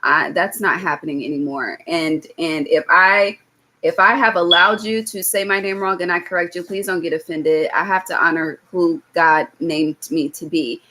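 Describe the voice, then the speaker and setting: A young woman with a slightly low voice gives a tarot reading on a live stream. She talks casually and bluntly, swearing freely, and keeps checking in with her viewers with "okay?". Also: steady tone, moderate pace, pushed and bright. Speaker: tarot reader.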